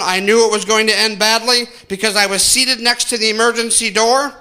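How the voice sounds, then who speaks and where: A man's voice: sits high, normal speed, hardly any pauses, pushed and bright. A man doing stand-up comedy on a theater stage, telling exaggerated stories and making asides to the audience.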